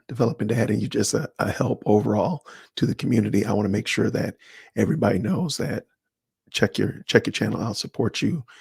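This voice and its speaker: Gravelly man casually chatting on a livestream. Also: lowish voice, dry recording, studio quality. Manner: animated, talks to chat viewers by name, slangy. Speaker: livestream host. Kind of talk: casual livestream chat reading comments.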